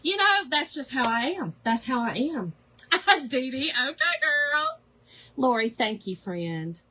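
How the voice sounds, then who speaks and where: A woman's voice: a little high, sing-song, unhurried, bright, forceful tone, a little hiss or hum. A woman hosting a casual craft livestream, chatting in a rambling way, greeting viewers by name and poking fun at herself.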